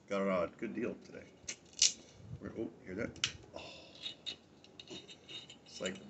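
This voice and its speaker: A man with a fairly low voice hosts a relaxed tasting review. He wanders off on asides and cracks jokes as he goes. A faint hum of noise sits under his voice. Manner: rambling and jokey, with asides and chuckles. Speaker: host of a drinks review show.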